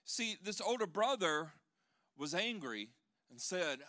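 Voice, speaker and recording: A man, a pastor, preaching a sermon with animated delivery that swings from loud proclaiming to hushed tones, with joking asides to the congregation. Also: high-pitched, takes it slowly.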